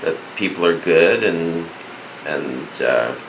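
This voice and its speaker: A man co-hosting a podcast in casual chat. He talks haltingly, with many stops and restarts. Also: sits low, lively intonation, roomy sound, noisy background. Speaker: podcast co-host.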